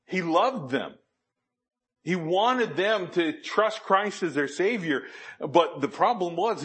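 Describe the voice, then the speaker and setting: A man's voice: fairly high pitch, fairly bright tone, slightly rough. A man preaching a sermon, quoting scripture and asking the congregation questions with emphatic delivery. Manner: asks the audience questions, emphatic.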